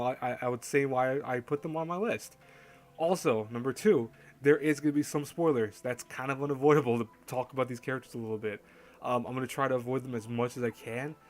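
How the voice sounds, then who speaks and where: A man hosting an anime countdown in casual chat, rambling and correcting himself as he goes. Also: mid-range voice. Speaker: host. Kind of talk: casual anime list commentary.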